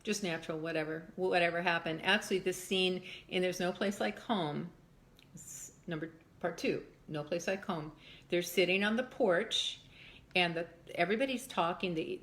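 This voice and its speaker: An older woman, a mother, reminiscing in an interview with lively storytelling that acts out voices. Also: lowish voice. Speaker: mother of a former child actor. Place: home in Texas.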